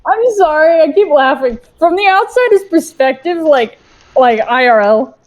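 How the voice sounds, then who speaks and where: A woman's voice: high-pitched, lively intonation, normal speed, muffled recording. A woman playing a tabletop game, joking around, giggling and swearing casually. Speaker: player.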